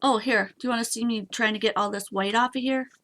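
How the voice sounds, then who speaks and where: A woman's voice: on the high side, steady tone, fast talker, a bit bright. A woman hosting a live papercraft stream, chatty and bubbly as she demonstrates and talks to her viewers. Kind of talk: casual craft demonstration.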